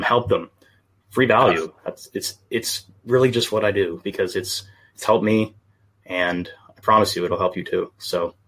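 A man's voice: low-pitched, a bit bright, slightly rough. A male wellness coach being interviewed, talking earnestly in short, plain phrases. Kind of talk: interview talk.

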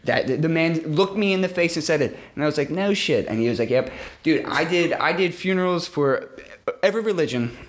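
A man's voice: a little high, animated, a little fast. Young guy on a podcast, rambles a lot, says stuff twice, just chatting. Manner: rambling, repeats himself. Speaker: podcast co-host. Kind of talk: casual chat, storytelling.

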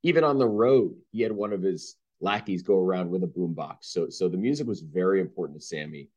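Deep-voiced man telling sports anecdotes. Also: a little fast. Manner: deep-voiced, animated, acts out quoted people. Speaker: sportswriter guest. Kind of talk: anecdotal storytelling.

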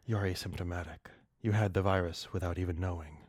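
A man voicing a huge, tender virus creature in a comic story reading, answering slowly and softly. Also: deep voice, husky, no echo, studio quality. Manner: slow, soft, calm replies. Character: huge, sad-eyed virus-man, soft-spoken and tender.

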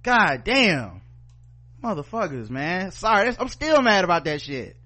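A male podcast co-host with a Southern US accent speaks at a measured pace in a high, sharp voice with big pitch swings. His profane opinion rant is heated and sarcastic, full of swearing and news read aloud.

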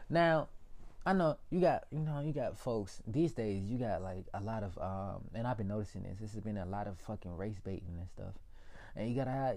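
A man's voice: fairly low pitch, a little mellow. A young man ranting casually to his viewers, profane and rambling, calling them y'all. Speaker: political vlogger.

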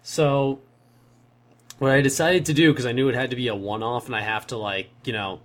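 A man's voice: mid-range voice, steady tone, fairly quick. A young man in casual chat, telling a long story in a rambling way and correcting himself as he goes.

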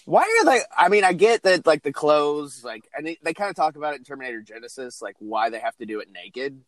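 A man co-hosting a casual movie podcast, animated, crude and quick to laugh. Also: on the high side, no room sound. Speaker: podcast co-host.

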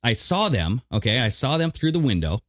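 A man co-hosting a casual podcast, telling stories with animated delivery and acting out other people's voices. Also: mid-range voice, a little fast, dry recording, clean studio sound. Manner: animated storyteller who acts out voices. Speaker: podcast co-host.

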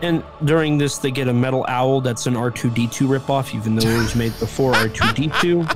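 A man's voice: mid-range voice, fairly quick. A young man in casual comedic chat, animatedly retelling a movie plot as a podcast co-host. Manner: animated storytelling, squawking bird impressions, laughing. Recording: music playing behind.

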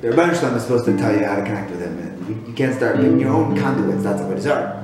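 A man giving a weekly Torah talk, animated, asking rhetorical questions and often restarting his sentences. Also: on the low side, very fast. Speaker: Torah speaker. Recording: very echoey room with loud guitar music.

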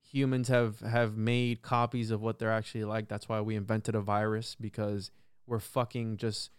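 A man chatting on a podcast, telling a story in a loose, animated way that is heavy with swearing and filler words. His voice is smooth and clear, and the sound is dry and close, with no room echo. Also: fairly low pitch, moderate pace. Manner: animated, profane storytelling full of "bro" and "like". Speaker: podcast guest or host. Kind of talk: casual podcast conversation.

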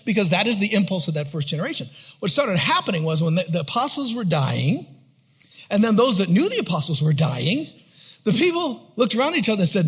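A male pastor preaching a sermon, building up with intensity and then dropping to a hushed whisper for emphasis. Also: high voice, sing-song, quick pace, breathy edge.

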